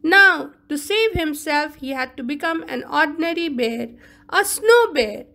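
A woman's voice: high voice, expressive, creaky, bright, forceful tone. A woman teacher giving an online lesson, carefully explaining vocabulary. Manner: slow, explaining word meanings carefully.

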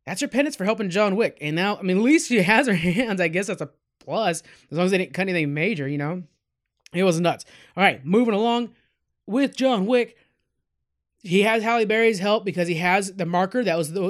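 A podcast host talks through a movie in a relaxed, meandering way, with plenty of fillers and asides. His voice sits noticeably high for a man. It sounds like easygoing talk among fans, not a scripted read. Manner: rambling, chatty, many fillers, addresses listeners as guys. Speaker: podcast host reviewing a film. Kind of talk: casual spoken film review.

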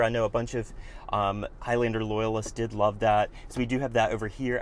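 A man giving a brisk walkaround tour of a car at a dealership, listing its features in short bursts. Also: medium pitch.

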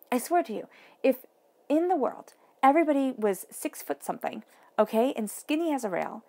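A woman giving an emphatic, encouraging tarot reading to her viewers, often dropping to a soft near-whisper. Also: a little high. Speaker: tarot reader.

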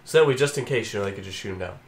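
Sarcastic young man joking about a game. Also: on the low side. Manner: sarcastic, drawn-out. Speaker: co-host commentator. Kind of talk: casual let's play chat. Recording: faint background noise.

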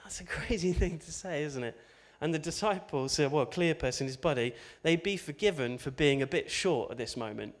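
A man preaching in a relaxed, conversational way, breaking in with asides and quick tag questions. His voice sits a little higher than most men's, light and easy as he tells the story. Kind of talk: informal sermon.

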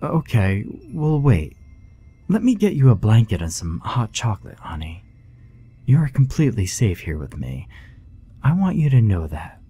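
A man voicing a lonely, kind middle-aged woman who speaks in a gentle, cooing, reassuring way in a horror story reading. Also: fairly low pitch, big pitch swings, measured pace, voice pushed up.

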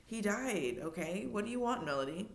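A tense young boy who answers curtly and wants to be left alone, as a woman reads him aloud. His storybook lines come out guarded and irritable, in a plain, even voice. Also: mid-range voice, normal speed, vocal fry. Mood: irritated. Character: tense, curt young boy, narrator's hero.

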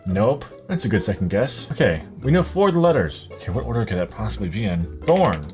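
Guy playing a word game, low-ish voice, mumbling guesses and cursing, music going under it. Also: big pitch swings, a little fast. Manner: thinks aloud, muttering guesses and swearing at words; greets viewers with "ladies and gentlemen". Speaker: gaming YouTuber. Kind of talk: casual gameplay commentary.

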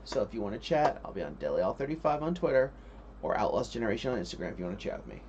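A man's voice: fairly low pitch, big pitch swings, racing, darkish tone, muffled recording, a little hiss or hum. A man chatting casually on a livestream, rambling and joking and trying out silly impressions. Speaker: streamer.

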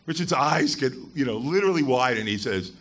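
Male guest speaker at a live event: bright, punchy voice, blunt and emphatic, swears freely. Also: mid-range voice, expressive, fairly quick. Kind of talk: live public talk to an audience. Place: event hall with a live audience.

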